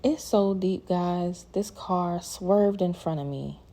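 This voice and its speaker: A woman's voice: fairly low pitch, slow, mellow. A woman giving an earnest personal faith testimony to her viewers, emphatic and repeating her phrases. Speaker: christian content creator.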